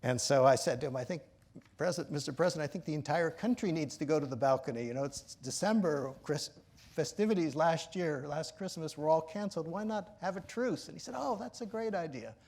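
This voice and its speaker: A man's voice: a little high, a little fast, darkish tone. A man in his sixties, an author giving a lecture, telling a personal story in an earnest, reflective way and often restarting his sentences.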